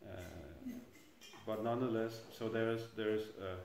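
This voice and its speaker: A man's voice: lowish voice, moderate pace, vocal fry, a little mellow, a little hiss or hum. A middle-aged man giving an informal scripture class in a temple hall, speaking hesitantly and chuckling at his own jokes. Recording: echoey room.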